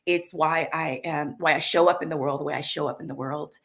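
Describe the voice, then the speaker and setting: Woman from the American South, interview guest, lively storyteller, bright tone. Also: sits low, a little fast. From Southern United States, Arkansas. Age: adult. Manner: animated storyteller, laughs often. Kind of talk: conversational interview.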